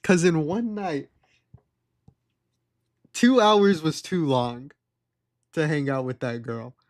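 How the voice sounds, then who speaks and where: A man's voice: fairly high pitch, slow pace. A young adult man streaming live, telling a rambling story and laughing at it.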